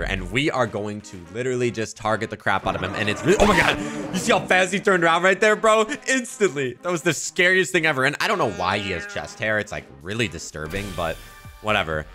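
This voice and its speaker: A young man doing playful, hyped gameplay commentary as a gaming video host. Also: pushed and bright. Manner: hyped, playful, big jumps in pitch. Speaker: gaming YouTuber.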